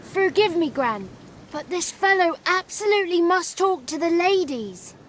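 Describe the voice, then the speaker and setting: Sprite, male, small, cheeky, high voice, game cutscene, faint outdoor ambience. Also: lively intonation, a little slow, slight background noise. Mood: coaxing. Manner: chatty, cheeky, pleading. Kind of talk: video game cutscene acting.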